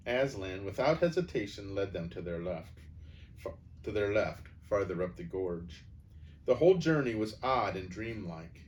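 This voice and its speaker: A man reading a children's novel aloud, expressive and changing his voice for the characters. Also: on the low side, normal speed, far from the mic. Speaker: storyteller.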